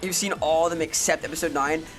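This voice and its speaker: A woman's voice: low-pitched, fairly even intonation, quick pace, soft background music. Ranting, profane woman streamer. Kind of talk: casual live-stream chat answering viewers.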